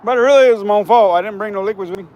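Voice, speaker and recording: Man, high-pitched and hoarse, rambling outdoor stream host, chatty and easygoing. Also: very fast, darkish tone. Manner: chatty, rambling, repeats himself. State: hoarse, scratchy throat. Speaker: fishing livestream host. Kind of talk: casual live-stream chat. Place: outdoors on a riverbank.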